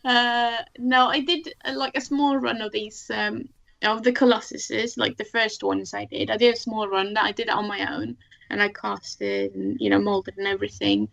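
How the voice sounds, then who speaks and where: A woman's voice: mid-range voice, little pitch movement, moderate pace, creaky, fairly bright tone, no echo. A woman, chatting easily as a guest in an interview and laughing often. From Sweden. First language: Swedish. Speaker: guest artist. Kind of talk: casual interview chat. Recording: dull lo-fi sound.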